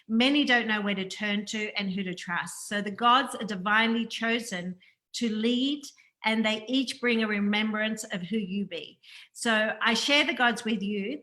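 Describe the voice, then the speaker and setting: A woman's voice: a little high, sharp tone. A woman hosting a spiritual interview, who speaks in an earnest, affirming way and repeats her phrases. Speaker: host. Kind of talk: spiritual interview, scripted intro.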